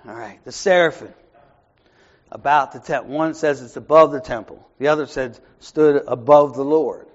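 A man leading an informal Bible study, talking in a conversational way that swings from soft asides to raised emphasis and keeps checking in with "right?". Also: mid-range voice, normal speed. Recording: muffled lo-fi recording.

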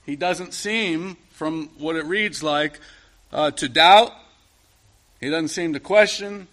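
A man's voice: fairly high pitch, slow pace, a bit bright. A middle-aged man preaching a sermon in a conversational way, asking the listeners question after question.

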